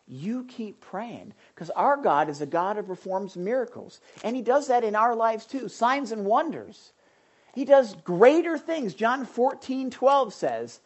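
A woman preaching a sermon in an animated, conversational way, full of emphatic asides to the congregation. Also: fairly high pitch, unhurried, husky, highs cut off.

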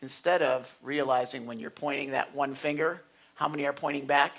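A pastor preaches earnestly yet conversationally, posing questions to the congregation and building toward emphatic bursts. His voice is medium-pitched, steady, fairly quick, and a bit bright.

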